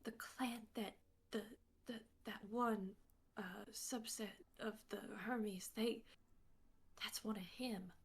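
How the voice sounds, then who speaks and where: A woman's voice: high-pitched, a little slow, long pauses, sharp tone, pitched above the performer's own voice. A woman voicing Clementine, a fussing, motherly waitress who speaks in flustered apologies and calls people sugar. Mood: whispering. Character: Clementine, a warm fussing Southern-style waitress.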